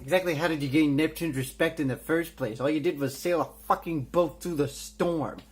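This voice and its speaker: A man's voice: fairly high pitch, a little fast, breathy edge. A man giving a sarcastic, profane comedic review, ranting over clips.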